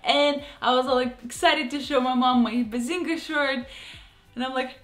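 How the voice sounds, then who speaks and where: A young Russian-accented woman talks in a high, bright voice, playful and animated, leaning hard on her punchlines. The room around her is echoey, and soft music plays underneath. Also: normal speed. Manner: animated, playful, exaggerated emphasis. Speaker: vlogger. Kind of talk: casual vlog commentary.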